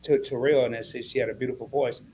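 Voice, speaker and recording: A man hosting a live-stream interview, who gets excited and reads viewer comments aloud as he talks. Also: medium pitch, quick pace, slight background noise.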